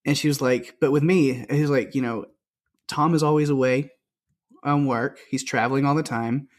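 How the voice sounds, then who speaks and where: A man's voice: medium pitch, fairly even intonation, normal speed. Chatty man retelling film scenes. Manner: rambling, retells scenes with quoted lines. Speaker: podcast co-host. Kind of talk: casual film discussion.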